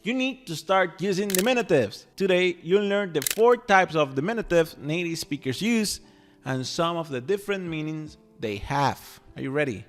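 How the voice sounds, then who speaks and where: A man's voice: on the high side, moderate pace, faint music behind. A man whose first language is Spanish, teaching a language lesson in a playful, chatty way and checking in with the listener often. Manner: animated, playful, chatty with frequent "okay?" check-ins. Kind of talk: lively scripted language lesson.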